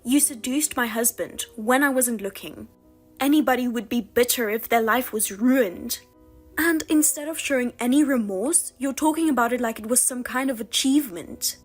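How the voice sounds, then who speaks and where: A woman narrating a text-message story in a steady, plainly read scripted style. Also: fairly high pitch, normal speed, faint music behind.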